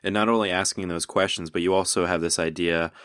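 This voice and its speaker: A man's voice: sits low, steady tone, quick pace, fairly bright tone, no echo, studio quality. A man hosting a podcast interview, asking questions casually and often laughing and agreeing. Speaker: podcast host.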